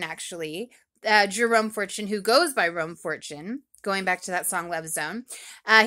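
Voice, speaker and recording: A woman talking alone as a podcast reviewer, chatty and rambling with lots of ums, in an animated, expressive voice. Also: mid-range voice. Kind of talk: solo recap vlog.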